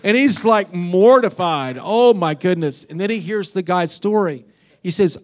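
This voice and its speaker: A male pastor preaching a sermon, telling a story and acting out its voices, swinging between loud and quiet. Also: high voice, lively intonation, measured pace.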